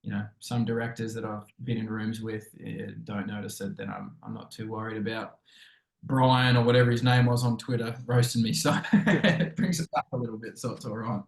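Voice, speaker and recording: An Australian actor telling stories casually, rambling with many fillers and acting out quoted lines. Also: male voice, lowish voice, fairly even intonation, fairly quick, creaky. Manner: chatty, rambling, full of fillers and acted-out quotes. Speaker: actor and interview guest. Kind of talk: casual storytelling interview. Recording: echoey room.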